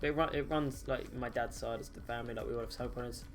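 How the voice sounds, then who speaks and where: A man chatting live with his viewers while he plays, in a loose, jokey way and breaking into laughter often. His voice sits at an ordinary mid pitch. Soft music plays faintly behind him. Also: steady tone, quick pace. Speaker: streamer. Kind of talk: casual live-stream chat while gaming.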